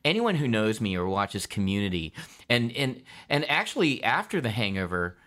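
A man being interviewed as an actor guest, telling stories in a lively way with frequent laughs and quick restarts. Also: on the low side. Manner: animated storytelling, laughs often, quick restarts. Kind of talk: casual interview chat.

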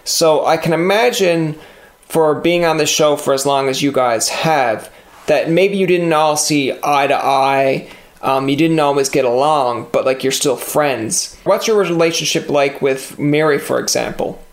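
A male host with a Newfoundland accent leads a casual interview with a chatty, joking manner. His voice sits somewhat high for a man. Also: a little slow. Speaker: podcast host.

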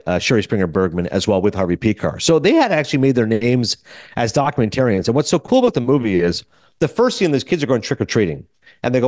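A man's voice: medium pitch, no echo. A man hosting a film podcast, talking through a movie review and acting out quotes from it, recorded on a studio microphone. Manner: animated storyteller acting out quoted lines. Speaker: podcast host and film critic. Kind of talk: casual film review monologue.

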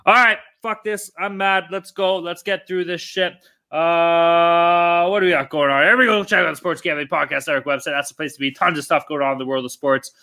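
A man with a high, sharp, bright voice rants through a casual sports betting podcast. He swears constantly and talks in a loose, worked-up way. He sounds tired. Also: steady tone, fairly quick, few pauses. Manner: profane, ranting, heavy swearing. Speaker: podcast co-host.

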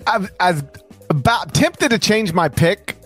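A man's voice: high voice, animated, slow, fairly bright tone, breathy edge, soft background music. A man co-hosting a casual sports podcast, rambling and joking, now and then reading lines like an announcer. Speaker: podcast co-host.

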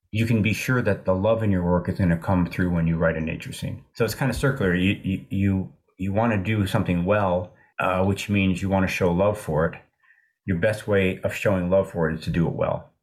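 Deep-voiced older man musing on writing. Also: darkish tone. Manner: thoughtful, halting, with many restarts and fillers. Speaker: author being interviewed. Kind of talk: reflective interview talk.

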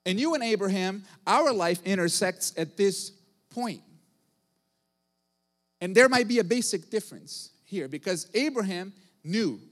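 A male pastor preaching a sermon, emphatic, repeating phrases and building to loud bursts. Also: high voice, lively intonation, unhurried. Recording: long hall reverb.

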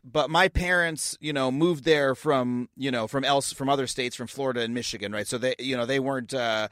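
A man's voice: medium pitch, steady tone, brisk, fairly bright tone, dry recording, clean studio sound. A man from Long Island hosting a podcast, talking casually and loosely with many filler words. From Long Island, New York. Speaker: podcast host. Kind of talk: interview talk.

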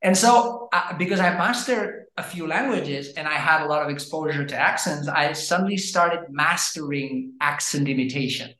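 A man chats animatedly as an interview guest and keeps the story moving with frequent fillers. His voice sits on the higher side, and the recording has a roomy echo. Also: normal speed, hardly any pauses, pushed and bright. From Brazil. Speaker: guest, language educator. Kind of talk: casual interview chat.

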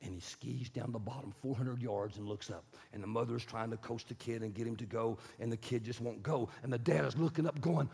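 A man preaching, telling a story dramatically and swinging from loud to hushed, in a raspy, gravelly voice. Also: medium pitch, fairly quick, few pauses. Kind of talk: sermon storytelling. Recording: reverberant hall.

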